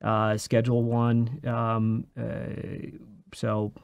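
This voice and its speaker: A man hosting a podcast, framing questions with many pauses and fillers. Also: mid-range voice, monotone, creaky, smooth, no room sound, dull audio. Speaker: podcast host. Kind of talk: interview questions and chat.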